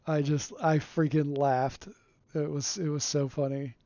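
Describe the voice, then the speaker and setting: A slow-talking man with a mellow, slightly high voice gives relaxed, rambling commentary over his gameplay and chuckles often. The sound is dull and lo-fi, close and dry on a home streaming mic. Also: no room sound. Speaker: game streamer.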